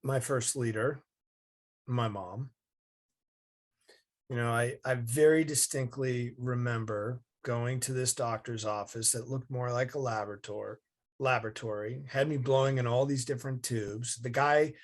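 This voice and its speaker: Man, animated storyteller, interview guest, video call. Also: medium pitch, a little slow. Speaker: guest, leadership advisor and former Navy SEAL.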